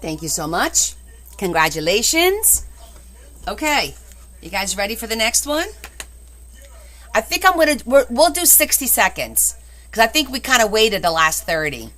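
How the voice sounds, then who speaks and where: A cheerful woman hosts a live online auction, announcing bids and laughing between them. Her voice is crisp and bright, and she talks in a chatty, friendly way, recorded on a phone. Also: a little high, very animated, normal speed, long pauses. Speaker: host selling scrapbooks in a live auction.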